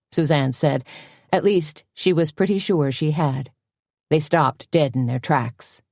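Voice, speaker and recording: Casting: woman audiobook narrator, deep and warm, steady measured delivery. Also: no echo, studio quality. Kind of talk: scripted narration.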